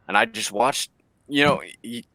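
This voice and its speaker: A man, telling hunting stories in a casual, animated chat, laughing and acting out quotes. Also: medium pitch, normal speed, no echo. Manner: animated, laughing storyteller who acts out quotes. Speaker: bowhunter guest.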